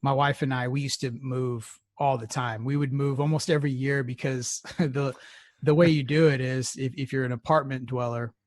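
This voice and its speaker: A man's voice: medium pitch, fairly even intonation, moderate pace. A man from the Houston area co-hosting a podcast, telling rambling stories in casual, profane chat with frequent laughs. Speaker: podcast co-host.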